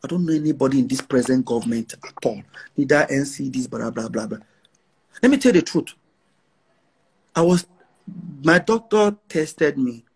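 A man's voice: medium pitch, lively intonation, moderate pace, creaky, pauses often, slightly rough. A brash, defiant man with a Nigerian accent, talking boastfully in an interview and repeating phrases for emphasis. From northern Nigeria.

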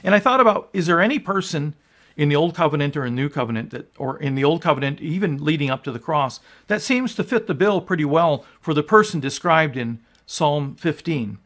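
A man's voice: a little high, lively intonation, brisk, a bit bright. A man pastor giving an earnest, emphatic sermon, reading scripture and teaching with restarts along the way. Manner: frequent restarts and fillers.

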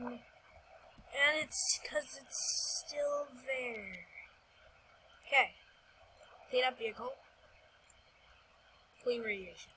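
A woman narrating her gameplay in an unhurried, playful way, her voice bright and a touch high. She talks to herself and slips in quiet whispered asides, with faint music underneath. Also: lively intonation, slight background noise, poor audio. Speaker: gameplay commentator. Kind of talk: casual gameplay commentary.

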